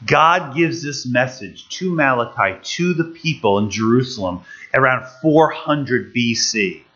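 Slow-spoken male preacher, lo-fi sound. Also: mid-range voice, animated, fairly bright tone. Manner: asks the listeners many rhetorical questions. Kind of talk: sermon with live interpretation. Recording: dull lo-fi recording.

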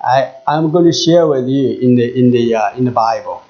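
A man with a Chinese accent preaching in English in short halting phrases, pausing after each for an interpreter. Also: medium pitch, highs cut off. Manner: halting, repeats words, pauses for interpreter. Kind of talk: sermon with live interpretation.

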